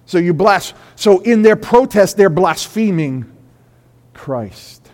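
A man's voice: expressive, slow pace. Man preaching in a reverberant church. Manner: swings from quiet confession to loud, high-pitched preaching. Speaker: pastor. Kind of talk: sermon. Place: church sanctuary.

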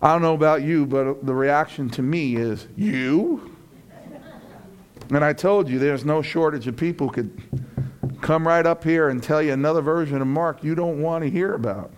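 Animated preacher man, higher voice. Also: a little fast, slight background noise. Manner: animated, acts out voices of friends, rises to loud peaks. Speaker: pastor. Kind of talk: sermon.

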